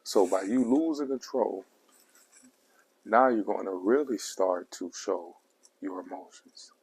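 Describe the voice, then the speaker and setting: Gravelly, low-voiced man preaching advice. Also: takes it slowly, a little mellow. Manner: preachy and repetitive, coarse language. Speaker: relationship advice vlogger. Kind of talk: casual advice monologue.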